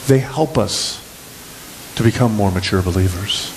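A man preaching a sermon as pastor, animated and lively, acting out the scripture scenes as he goes. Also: fairly low pitch, measured pace, gravelly, a little hiss or hum, poor audio.

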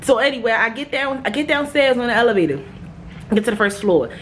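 Young woman vlogging, animated and fed up, curses a lot, phone mic with faint hiss. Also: fairly high pitch, fast talker. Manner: animated, exasperated, swears freely. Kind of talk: casual vlog chat. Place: hotel room at night.

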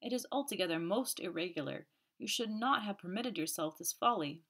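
A woman voicing a fussy male magistrate, stern and indignant but soft-hearted. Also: mid-range voice, animated, a little fast. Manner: indignant, then sentimental sighs.

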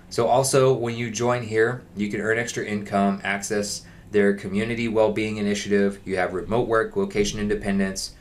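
A man giving a casual walkthrough of an online job listing, reading parts aloud and explaining them. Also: on the low side. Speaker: online jobs vlogger. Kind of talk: casual screen-share walkthrough.

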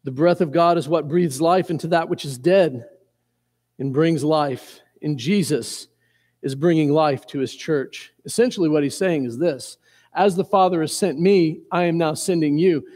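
A fairly high-pitched male pastor from Indiana delivering a sermon, earnest, stumbling over repeated words as he builds his points. His voice rings with a long reverb through a church sanctuary. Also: darkish tone. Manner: earnest, repeats words and restarts often, chuckles at himself.

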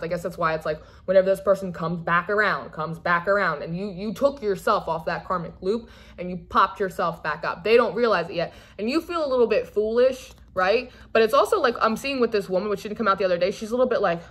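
A woman's voice: mid-range voice, a little fast. Chatty woman giving a tarot reading. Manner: chatty, rambling, animated with frequent "like". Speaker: tarot reader. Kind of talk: casual tarot reading monologue.

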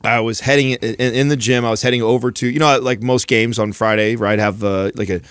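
A man's voice: medium pitch, steady tone, fairly quick, fairly bright tone, clear, resonant tone, dry recording, studio quality. A man co-hosting a podcast in casual chat, telling a rambling story full of restarts and fillers. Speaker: podcast co-host.

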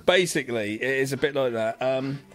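A man's voice: mid-range voice, moderate pace. A man co-hosting a podcast, rambling casually, swearing freely and slipping into mock voices. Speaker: podcast co-host. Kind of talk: casual chat.

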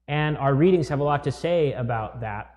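A man giving a measured, conversational sermon as a rector, with occasional fillers. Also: mid-range voice, a little mellow. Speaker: rector preaching. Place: church. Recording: long church reverb.

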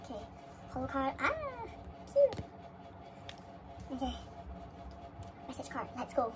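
A woman vlogger chatting casually through an unboxing and breaking into excited high squeals. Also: moderate pace, over loud music.

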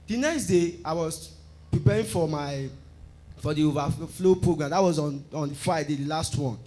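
A man gives a church testimony in an excited, storytelling way. His voice sits somewhat high, and he leans into the dialogue he recounts. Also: normal speed. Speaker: church member giving testimony. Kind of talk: animated personal testimony. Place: church service.

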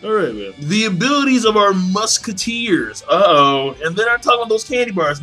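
A man hosting a casual live manga reaction. He reads aloud and talks excitably, swears a lot and laughs often. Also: sits high, brisk, hardly any pauses, soft background music.

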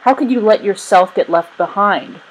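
A woman's voice: on the low side, normal speed, darkish tone, breathy edge, low-quality recording. A woman voicing a father who scolds his lost son with relief, in a storybook reading. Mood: relieved scolding. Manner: stern but loving.

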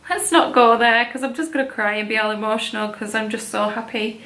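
A woman's voice: fairly high pitch, fairly even intonation, moderate pace, pushed and bright, roomy sound. A young woman, chatting casually and gushingly as a vlogger about baby clothes she bought. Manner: chatty, gushing, many likes and ums. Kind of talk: casual haul chat.

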